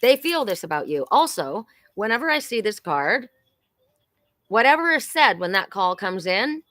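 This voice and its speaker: A woman's voice: mid-range voice, sing-song, moderate pace, fairly bright tone. A chatty woman psychic reads oracle cards on a live stream, talking straight to her viewers with frequent exclamations. Her voice sits in a middle range for a woman. The sound is dry and close, with no room echo. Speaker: psychic card reader and host. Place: home in Sedona.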